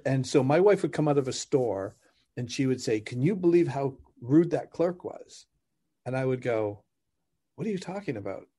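Animated middle-aged man telling stories. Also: mid-range voice, slightly rough. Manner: animated, laughs while explaining, acts out dialogue. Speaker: podcast guest, relationship coach. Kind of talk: conversational storytelling.

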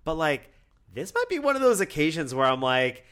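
A man's voice: a little high, huge pitch swings, normal speed, fairly bright tone, smooth. A man co-hosting a casual podcast chat, talking animatedly with many fillers. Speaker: podcast co-host.

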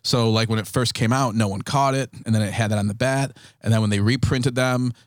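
A man's voice: medium pitch, fairly even intonation, fairly quick, dry recording. A man co-hosting a podcast from a comedy club, chatting casually, laughing often and explaining at length. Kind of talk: casual chat.

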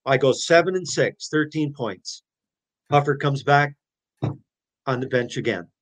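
A man in his sixties telling his stories as an interview guest, animated, blunt and profane. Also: mid-range voice, a little slow. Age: 60s. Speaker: interview guest, former hockey player. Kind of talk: casual storytelling.

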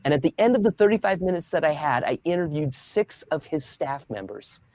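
A man in his thirties, a guest on an interview, telling a story in a lively way and acting out the people he quotes. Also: fairly high pitch, brisk, dry recording. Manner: animated storyteller, acts out quoted voices.

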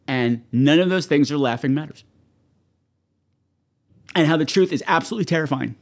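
A man's voice: a little high, normal speed. A man hosting a horror movie show, talking casually and profanely to his viewers and shrieking in mock panic.

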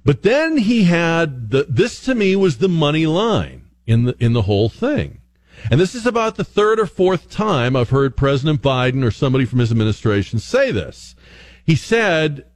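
A man's voice: medium pitch, normal speed, dry recording. A man hosting a talk radio show, delivering an opinionated monologue full of rhetorical questions. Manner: argumentative, rhetorical questions, animated.

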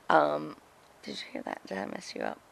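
A middle-aged woman telling a story in a casual interview, animated and chatty, acting out what others said. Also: low-pitched, unhurried, gravelly, slight background noise. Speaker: guest, former wrestling personality.

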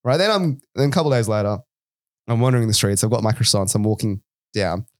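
A man's voice: lowish voice, fast talker, dry recording, studio quality. An Australian man co-hosting a podcast, telling a rambling anecdote in casual chat, peppered with "right?" and "like". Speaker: podcast co-host.

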